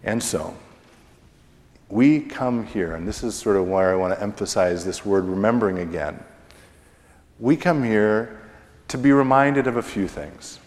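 A middle-aged man preaching a sermon as pastor, slow and deliberate, pausing often and letting his phrases fall away at the ends. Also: fairly low pitch. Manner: slow, deliberate preaching with pauses and falling endings. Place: church sanctuary. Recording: long church reverb.

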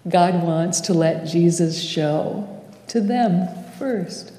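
Speaking slowly and mellowly in a fairly low voice, a female pastor preaches a sermon in a church sanctuary, pausing dramatically in a measured way. Long reverb from the echoey church hall fills the recording.

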